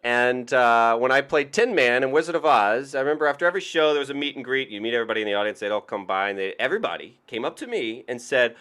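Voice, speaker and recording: A man's voice: medium pitch, fast talker, few pauses, clean tone. A young man from Georgia, doing a self-deprecating stand-up set on an online show. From Georgia, USA. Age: young adult. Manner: self-deprecating, lively storytelling with goofy put-on voices. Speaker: stand-up comic.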